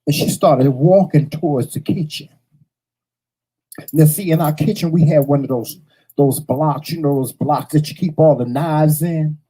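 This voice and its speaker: Dark, husky-voiced man telling a story. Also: a little high, a little slow, rough recording. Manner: animated, profane storytelling with repeated lines. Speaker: morning show host. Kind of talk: storytelling on a talk show.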